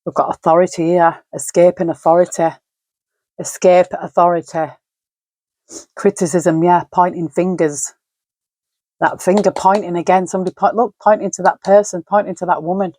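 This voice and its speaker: A woman's voice: fairly low pitch, steady tone, normal speed, mellow, no echo. A woman in middle age giving a solo tarot reading at home, musing aloud, naming card words and sighing often. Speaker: tarot reader.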